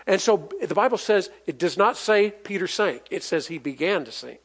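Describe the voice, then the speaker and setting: High-voiced folksy male preacher. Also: lively intonation, moderate pace, a bit bright. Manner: folksy, emphatic, with call-and-response and chuckles. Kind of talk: sermon.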